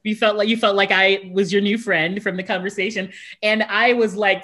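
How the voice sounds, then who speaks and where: A woman hosting an interview, excitably telling a story and acting out her own reactions with frequent laughs. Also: mid-range voice, moderate pace. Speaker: talk show host, voiceover artist. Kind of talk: casual interview chat.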